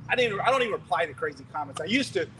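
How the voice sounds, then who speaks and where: A middle-aged male preacher telling a story in a sermon, animated and laughing, acting out scenes loudly. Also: fairly high pitch, very fast, slight background noise, low-quality recording.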